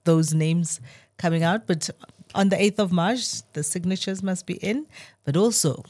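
A woman's voice: on the low side, a little slow, a little mellow. A woman from South Africa co-hosting a morning radio show in casual chat. She laughs often and restarts her sentences.

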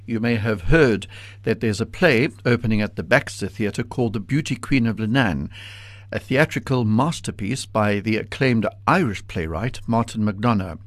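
Male radio interviewer, low-pitched, courteous and measured, close dry studio sound. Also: dry recording. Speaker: radio host. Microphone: studio microphone.

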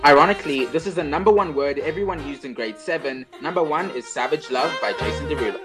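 A young man co-hosting a casual chat show, telling stories in an animated, chatty way. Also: a little high, quick pace, loud music behind the voice, low-quality recording. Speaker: co-host.

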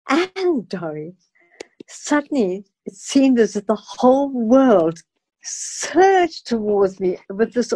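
A woman tells her story with a flair for drama, stumbling over restarts as she builds to each moment. Her voice sits a little high. The sound is close and dry. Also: no room sound. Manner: dramatic, expressive retelling with stammered restarts. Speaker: guest, actress. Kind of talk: animated personal storytelling.

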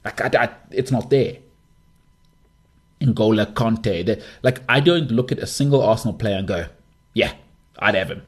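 Podcast host, male, 30s, husky and forthright, emphatic opinions. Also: on the low side, moderate pace, pauses often. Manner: opinionated, emphatic, lively delivery. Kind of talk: casual monologue.

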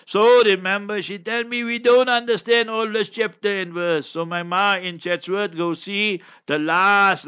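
A man's voice: on the high side, bright, forceful tone, clear, resonant tone. A man giving an impassioned preaching Q&A as an Islamic scholar, chanting Arabic verses between fiery remarks. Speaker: Islamic scholar answering questions. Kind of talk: preaching Q&A talk. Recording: dull lo-fi recording.

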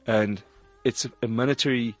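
A man's voice: medium pitch, fairly even intonation, dry recording, faint music behind. A man hosting a podcast, rambling through jokes and theories in casual chat. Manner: fast, rambling, joking. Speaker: podcast host.

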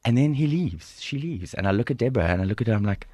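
A South African man in his forties telling a personal story as a podcast guest, animated, acting out dialogue and laughing often. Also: mid-range voice, fast, no room sound. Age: 40s. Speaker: guest speaker. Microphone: studio microphone.

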